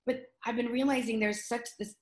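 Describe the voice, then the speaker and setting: Middle-aged woman, earnest and heartfelt, halting restarts, echoey room sound. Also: a little high, steady tone. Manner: earnest, emotional storytelling with many restarts. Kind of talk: casual conversation. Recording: roomy echo.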